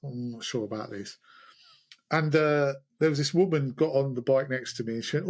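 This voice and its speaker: A man hosting a podcast, telling a self-mocking story in a casual, animated way. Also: medium pitch, brisk. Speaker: podcast host. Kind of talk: casual chat.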